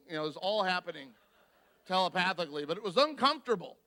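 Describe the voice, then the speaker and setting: A man giving a guest sermon, telling a personal story in an animated way and acting out the voices of the people in it. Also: sits high, fast talker. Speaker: guest speaker. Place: church.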